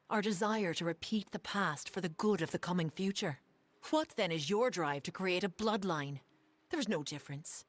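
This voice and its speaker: A woman's voice: lowish voice, no room sound, lightly acted. A woman voicing a solemn fae elder. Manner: formal, measured, archaic. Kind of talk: game voice acting.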